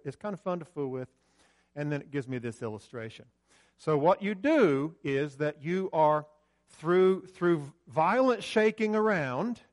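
Pastor, male, higher-pitched, chatty sermon delivery that swells loud then drops to quiet asides, church sanctuary. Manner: conversational, swings between loud emphasis and quiet asides; directs the slide operator mid-talk.

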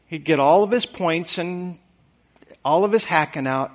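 A man's voice: fairly high pitch, unhurried. A man preaching a conversational sermon in an earnest, folksy way, repeating words for emphasis.

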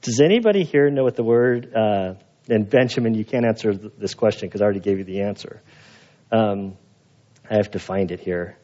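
A man preaching a sermon as pastor, telling stories in an animated way and acting out the voices of the people in them. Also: lowish voice, brisk, lo-fi sound. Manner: animated storyteller, acts out quoted voices. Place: church.

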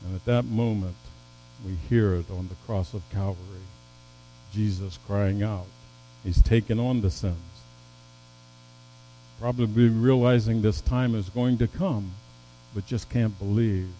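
A man preaching a sermon as pastor, swinging from loud emphatic peaks down to low, soft passages, with stumbling restarts. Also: fairly even intonation, measured pace, a little hiss or hum, low-quality recording.

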